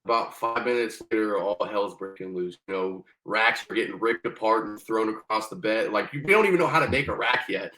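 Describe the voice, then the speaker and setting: A man's voice: fairly low pitch, a little fast, hardly any pauses, bright, forceful tone, poor audio. Laid-back young man telling a profane story. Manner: loose and profane, with many fillers and restarts. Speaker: podcast guest, former Marine. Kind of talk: casual storytelling.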